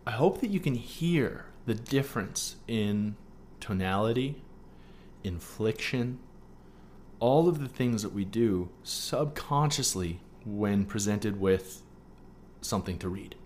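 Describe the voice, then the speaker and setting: A man with a somewhat low voice hosts a solo coaching podcast, walking listeners through a writing exercise. He checks in often with "okay?" and mixes earnest teaching with playful asides. A faint background hiss sits under the recording. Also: expressive, slow pace, darkish tone. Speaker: podcast host.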